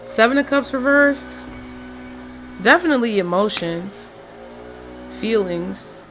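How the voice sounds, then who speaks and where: A woman's voice: a little high, animated, slow, fairly bright tone, soft background music. A woman giving a casual tarot reading at home, chatting, swearing freely and thinking aloud as she turns the cards. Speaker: tarot reader. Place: room at home with a window open. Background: faint street and traffic noise.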